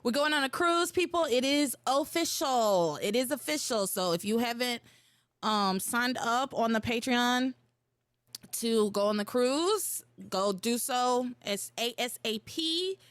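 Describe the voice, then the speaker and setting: Woman podcast host, young adult, higher voice, animated and profane, dry close mic. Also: a little slow, clear, resonant tone, no room sound. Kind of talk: casual chat.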